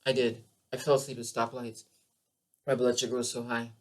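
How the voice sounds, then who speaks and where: A woman talks straight to her listeners on her own podcast as a keto coach. Her delivery is emphatic and animated, full of passion. She repeats phrases to drive each point home. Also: rumbling low, a little fast. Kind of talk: passionate health monologue.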